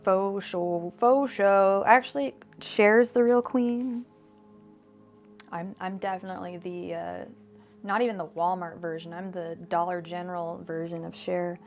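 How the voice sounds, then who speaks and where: A woman's voice: lowish voice, steady tone, normal speed, a little mellow, soft background music. A woman reading tarot cards on a live stream, chatty and digressive, full of fillers and restarts. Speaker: tarot reader.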